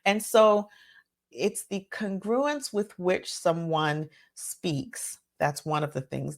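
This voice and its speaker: A woman host giving a solo teaching talk, earnest and conversational, often checking in with her listeners. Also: low-pitched. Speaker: podcast host and physician.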